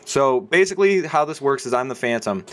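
A man's voice: medium pitch, lively intonation, a little fast. A man giving casual gaming commentary as a let's play host, joking and explaining the game rules at length.

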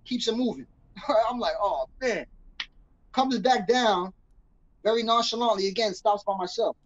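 A man's voice: high voice, measured pace, pauses often, no echo, muffled recording. A young man from New City, telling a story as a guest in a casual interview and acting out the voices he quotes in street slang. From New York City. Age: young adult.

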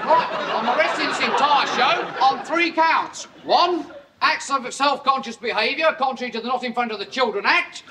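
Ranting British inspector, high voice, hiss behind. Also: male voice, moderate pace, crowd noise. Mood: blustering. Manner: officious, reads out charges in a rant. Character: self-important male police inspector, blustering. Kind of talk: 1970s TV sketch comedy. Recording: hissy old TV recording.

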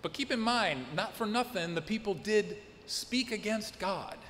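A male pastor delivers a sermon with a slightly high-pitched voice, acting out the quoted voices with lively emphasis. His words carry a long reverb through the church sanctuary, with a faint room hum underneath. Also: measured pace. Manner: expressive preaching with acted-out quotes.

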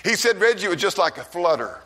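A man preaching a revival sermon, fervently calling out and then dropping to a hushed tone. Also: very animated, fast talker. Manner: fervent, shouts rises then drops low and hushed.

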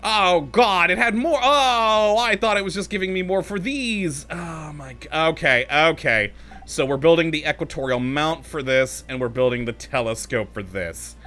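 A man's voice: on the high side, normal speed, sharp tone. A man commentating casually as he plays a video game, talking to himself, easily exasperated and laughing often. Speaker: let's play host.

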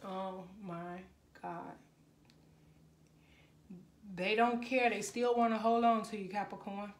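A woman reads tarot cards for her viewers in a loose, chatty way. She gets emotional and keeps breaking into exclamations. Her voice sits at a middle pitch and echoes around the room. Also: steady tone, slow pace. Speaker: tarot reader. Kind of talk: casual tarot reading to camera.

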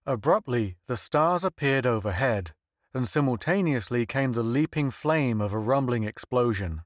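A man reading a science fiction story aloud as an audiobook narrator, in steady, measured storytelling. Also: medium pitch, no room sound, clean studio sound. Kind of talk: scripted narration.

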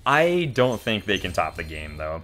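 A man's voice: deep voice, sing-song, moderate pace, fairly bright tone. A young man chatting casually while playing a video game with a friend, rambling with lots of fillers and restarts. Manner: rambling, stop-start with many fillers. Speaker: co-host of a gaming channel. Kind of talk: casual let's play banter.

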